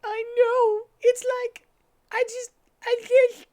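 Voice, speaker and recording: Weepy teen girl hedgehog, played by a man: squeaky high falsetto, loud, wailing. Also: level tone, takes it slowly. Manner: shrill wailing falsetto, sobbing. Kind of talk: comedic dramatic reading.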